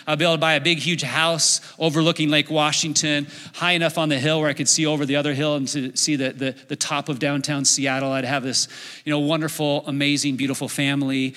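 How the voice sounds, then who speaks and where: A middle-aged man preaching a sermon as a pastor, telling a story in an animated way and acting out his own inner voice. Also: on the high side. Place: church sanctuary. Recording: long hall reverb.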